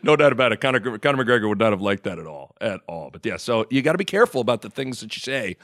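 Male podcast host, animated storyteller, laughs easily, dry close mic. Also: on the low side, fast talker, dry recording. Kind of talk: casual podcast chat, storytelling.

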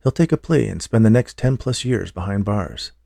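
A confident female prosecutor in an audiobook, speaking with matter-of-fact assurance, as a man reads her. The voice stays low and gravelly, with a dark tone and a dry, close sound. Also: expressive, moderate pace, dry recording. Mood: assured.

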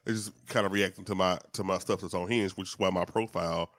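Laid-back man with a lowish voice. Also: steady tone, quick pace, a bit bright, dry recording. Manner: laid-back banter with slang and restarts. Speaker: podcast co-host. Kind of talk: casual podcast chat.

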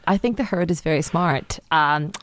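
A woman on a radio puzzle panel who reasons out loud, with lots of ums and restarts. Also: low-pitched, moderate pace. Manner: thinks aloud with many fillers. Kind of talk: casual game-show banter.

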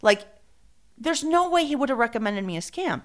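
A woman's voice: fairly high pitch, normal speed. A woman, a podcast co-host telling a story in casual chat, acting out quotes and mixing in Spanish. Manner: animated, acts out quotes, code-switches into Spanish.

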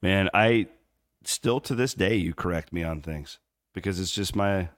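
A man's voice: sits low, unhurried, no echo, studio quality. A man from Southwest Iowa co-hosting a live sports podcast, rambling through casual chat with lots of fillers. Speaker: podcast co-host. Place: on the road in Memphis.

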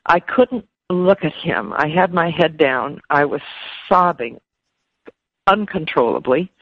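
A woman speaking as an interview guest, emotional and halting, often repeating words. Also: low-pitched, dry recording. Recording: dull lo-fi dry sound.

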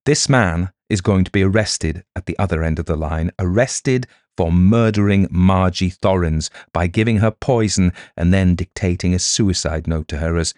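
Guy putting on a fussy old-maid schoolteacher, sharp and accusing, stern, dry close sound. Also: sits low, normal speed, few pauses, no echo, natural voice. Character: sharp fussy middle-aged spinster schoolteacher sleuth.

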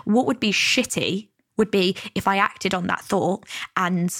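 A woman's voice: medium pitch, measured pace, fairly bright tone, no room sound. Young woman, podcast host, chatty, casual swearing, dry close sound. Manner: chatty, swears casually, acts out inner voices. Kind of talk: casual self-help podcast monologue.

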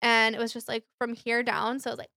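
Young woman, casual podcast chat, higher voice, dry close sound, candid storyteller. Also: monotone, quick pace, pushed and bright, no room sound. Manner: candid storytelling, acts out quoted voices, many fillers. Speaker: podcast co-host.

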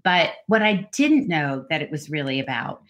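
A woman's voice: low voice, big pitch swings, normal speed, a bit bright. A woman, an author talking through her book thoughtfully on a podcast. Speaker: author and co-host. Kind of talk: casual podcast chat.

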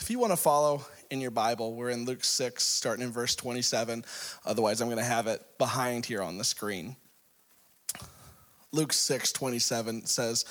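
Hoarse pastor preaching a sermon. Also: male voice, medium pitch, a bit bright. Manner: jokey, storytelling, laughs often. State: hoarse, voice shot.

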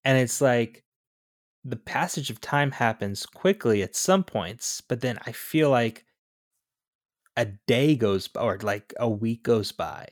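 Chatty podcast co-host, dry sound. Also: male voice, mid-range voice, animated, slow, no room sound. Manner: chatty, jokey, hedging with fillers. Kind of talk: casual movie discussion.

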